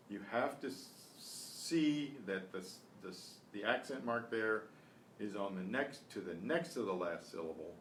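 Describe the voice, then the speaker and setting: A man teaching a beginners' Spanish class online, explaining patiently and repeating each phrase slowly. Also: on the low side, expressive, recorded from a distance. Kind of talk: online beginner language lesson. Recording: roomy echo with faint noise.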